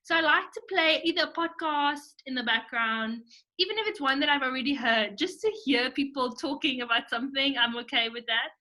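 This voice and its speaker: A woman's voice: sits high, fairly quick, bright, forceful tone. A young woman co-hosting a podcast, chatting casually, emphatic and opinionated with lots of "like". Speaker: podcast co-host. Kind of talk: casual chat.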